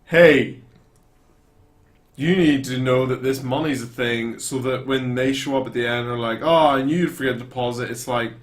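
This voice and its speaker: A man's voice: mid-range voice, steady tone, fairly quick, few pauses. A man co-hosting a casual film chat, chiming in with agreement, wry asides and casual swearing. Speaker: podcast co-host.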